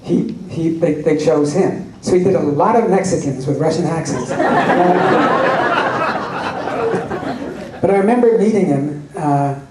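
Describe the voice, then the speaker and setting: A man's voice: a little high, animated, a little slow, pauses often, a crowd in the background, background noise. Wry storytelling man in an echoey hall. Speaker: convention panel guest. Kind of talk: audience Q&A at a fan convention. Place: large convention hall. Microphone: recorded from the audience. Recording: echoey hall recorded from far off.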